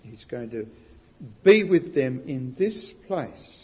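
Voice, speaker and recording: A man preaching a sermon, building to loud emphatic stresses and asking his listeners questions. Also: medium pitch, sing-song, takes it slowly. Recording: muffled recording with long hall reverb.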